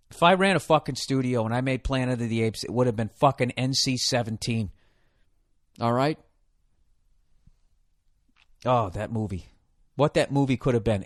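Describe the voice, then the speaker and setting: A man's voice: mid-range voice, no echo, studio quality. A man hosting a podcast, ranting in an exasperated, profane, comedic way. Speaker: podcast host. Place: hot room.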